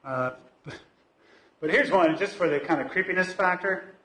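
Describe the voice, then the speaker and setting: A man delivers a loose, conversational talk in a church, thinking aloud and often restarting his sentences. His voice sits a little high. The room's echo hangs around every word. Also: moderate pace, pushed and bright, a little hiss or hum. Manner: conversational, hesitant, many fillers and restarts. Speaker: lay speaker at a church service. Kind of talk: informal talk from the pulpit. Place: church sanctuary. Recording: echoey church hall.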